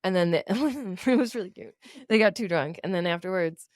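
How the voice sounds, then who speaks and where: A woman's voice: lowish voice, normal speed, no room sound, studio quality. A woman in her thirties co-hosting a podcast, chatting casually, laughing often and acting out other people's lines. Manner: laughs often, acts out coworkers' lines in funny voices. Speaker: podcast co-host. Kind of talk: casual chat.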